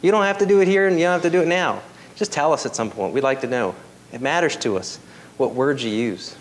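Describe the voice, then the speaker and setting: A man preaching a sermon as pastor, swinging from emphatic high peaks to soft, quiet appeals. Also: quick pace, a little hiss or hum.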